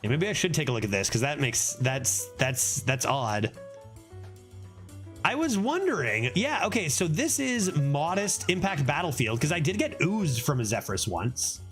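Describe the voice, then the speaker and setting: A man livestreaming a card game, giving excitable, casual commentary and laughing often. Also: on the high side, moderate pace, soft background music.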